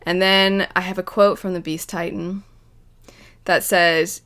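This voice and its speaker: A woman's voice: fairly low pitch, little pitch movement, a little slow, fairly bright tone. A young woman hosting an anime reaction, talking casually and emotionally, rambling and acting out lines from the scenes. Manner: emotional, rambling, quotes scenes in little voices.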